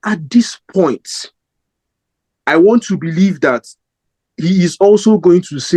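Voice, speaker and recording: A man's voice: high-pitched, animated, slow, long pauses, darkish tone, breathy edge, low-quality recording. A young man giving his opinion in a casual football fan vlog, rambling and emphatic with lots of fillers and restarts.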